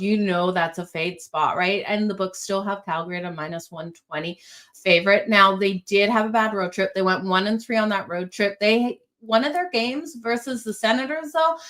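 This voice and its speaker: A woman's voice: medium pitch, fairly bright tone. A woman hosting a sports betting show, talking casually and upbeat, often addressing viewers directly. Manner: chatty, upbeat, addresses viewers as "you guys". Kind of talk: casual picks and predictions talk.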